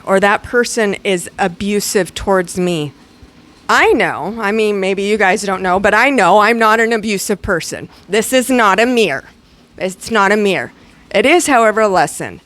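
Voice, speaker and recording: A woman giving a casual, animated spiritual teaching to her students, with chatty, playful asides. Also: medium pitch.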